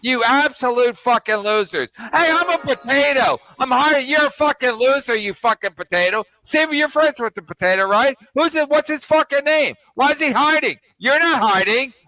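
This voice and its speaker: A man's voice: very high-pitched, moderate pace, hardly any pauses, bright, forceful tone. A man on a group podcast call, taunting the others with crude insults. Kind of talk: casual group call banter.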